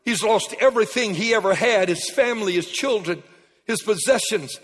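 A pastor preaching a sermon in a church, a man who talks emphatically and swings from quiet passages to shouted peaks. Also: high voice, moderate pace, slightly rough. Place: church sanctuary. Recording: long hall reverb.

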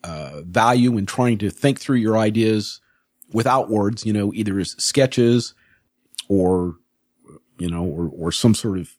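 A man's voice: lowish voice, a little slow, darkish tone, no room sound, clean studio sound. A man hosting a casual discussion, thinking aloud with lots of fillers. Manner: thoughtful, many fillers, steering the topic.

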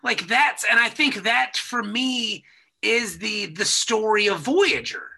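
A man hosting a casual podcast, his voice bright and strongly gravelly. He talks with lively ups and downs and swears freely. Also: high voice, slow. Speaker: podcast host. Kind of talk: casual chat.

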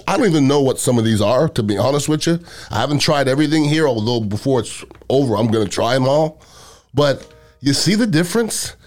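A man hosting a podcast, talking casually and bluntly in an animated storytelling way. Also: medium pitch. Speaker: podcast host. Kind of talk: casual monologue.

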